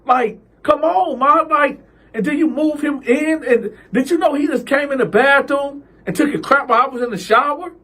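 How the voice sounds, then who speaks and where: A man's voice: very high voice, normal speed, pushed and bright, pitched above the performer's own voice. A man voicing an angry, exasperated young man who cusses and pleads, raised well above his own voice.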